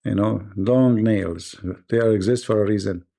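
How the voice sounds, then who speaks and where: Gravelly joking man telling stories. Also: fairly low pitch, moderate pace, mellow. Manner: laughs at own stories, acts out dialogue. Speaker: live stream host. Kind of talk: joking live-stream monologue.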